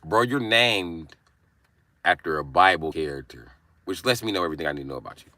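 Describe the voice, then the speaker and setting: A man hosting a casual livestream, brash and profane as he roasts his chat, with sudden bursts of yelling. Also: sits low, expressive, fairly quick, no room sound. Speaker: livestream host.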